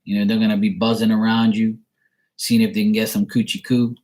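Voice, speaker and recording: Man from Bermuda, low voice, casual live chat, rambling, self-amused. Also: little pitch movement, brisk, darkish tone. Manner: chatty and rambling, laughs at himself. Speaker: online reader answering viewer messages.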